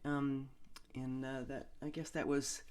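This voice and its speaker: Halting woman introducing her song. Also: very deep voice, flat delivery, darkish tone, clear, resonant tone. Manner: halting, with many fillers and restarts. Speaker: guest singer-songwriter. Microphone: video call.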